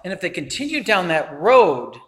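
A man preaching a sermon in an earnest, measured way, often checking in with "right?" and "okay?". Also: high voice, big pitch swings. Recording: echoey hall sound.

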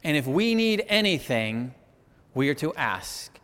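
Animated preacher in a reverberant hall. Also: male voice, on the high side, a little slow. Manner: animated, rising to emphatic peaks; conversational, asks the audience "right?". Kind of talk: sermon.

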